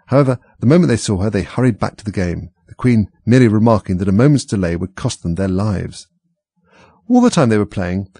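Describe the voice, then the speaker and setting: A man reading a children's storybook aloud in a steady, even narration. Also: on the low side, gravelly, breathy edge, no room sound. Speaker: reader.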